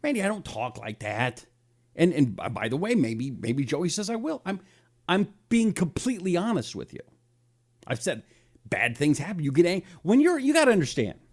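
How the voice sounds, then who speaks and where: A man's voice: fairly high pitch, darkish tone. A middle-aged man hosting a live talk show, rambling casually and reading out viewer comments.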